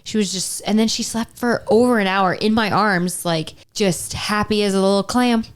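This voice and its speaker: Animated laughing woman podcast host. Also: medium pitch, moderate pace, clear, resonant tone. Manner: animated, mock-indignant rants; laughs often. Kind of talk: casual chat.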